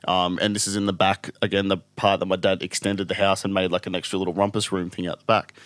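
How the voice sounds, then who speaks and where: A young man with a lowish voice tells a story on a podcast, loose and profane, jumping into higher tones when he quotes people. The sound is dry and close, with no room around it. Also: quick pace, smooth, dry recording. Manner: animated, swears a lot, acts out quotes in a higher voice. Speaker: podcast co-host. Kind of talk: casual storytelling.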